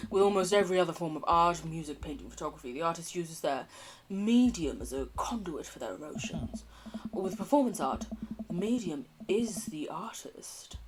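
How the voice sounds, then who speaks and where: A woman doing a brooding goth dad from a dating game, solemn and earnest as he muses, his voice sitting low and rising and falling widely, with a faint hiss behind him. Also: lively intonation, normal speed, close to an everyday voice. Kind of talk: reading game dialogue aloud.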